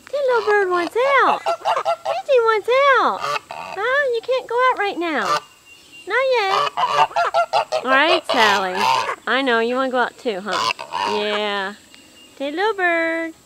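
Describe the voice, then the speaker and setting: A woman's voice: extremely high pitch, sing-song, slow, long pauses. A woman filming her pet chickens and talking to them in a coaxing, sing-song pet voice on a handheld camera mic. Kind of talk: casual home video talk to animals. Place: chicken coop, outdoors. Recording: noisy farmyard with clucking chickens.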